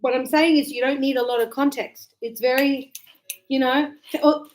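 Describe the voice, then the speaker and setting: A high-voiced, middle-aged woman teaches an English class in a lively, chatty way. She keeps breaking into short acted-out example dialogues to show her point. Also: normal speed, rough recording. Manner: animated, acts out little example dialogues.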